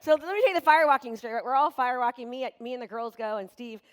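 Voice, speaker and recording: A high-voiced woman speaking as a motivational coach from the stage of a large room. Her delivery is animated and energetic, full of storytelling. Long reverb from the live venue hangs behind her voice. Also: very fast. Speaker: real estate coach. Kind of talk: motivational seminar talk.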